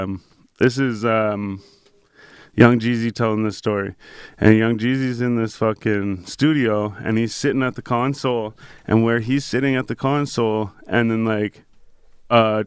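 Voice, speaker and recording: Man, podcast host, loose profane storyteller, smooth resonant voice, dry close sound. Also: fairly low pitch, dry recording. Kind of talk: casual interview chat.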